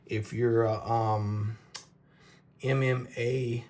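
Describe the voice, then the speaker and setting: A man hosting a casual knife review, talking in a halting, rambling way and tripping over names. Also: medium pitch, level tone, darkish tone. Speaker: knife reviewer, show host.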